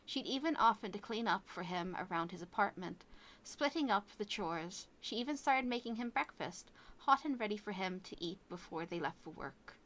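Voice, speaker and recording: A woman's voice: mid-range voice, expressive, moderate pace, a bit bright. A woman from Ireland with an Irish accent, reading a story aloud on a stream and often stumbling and correcting herself. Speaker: VTuber streamer.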